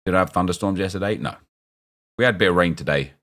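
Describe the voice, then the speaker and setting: A man's voice: low-pitched, fast, a bit bright. A young man chatting casually as he streams a football game, rambling and answering his viewers' chat as he reacts to picks.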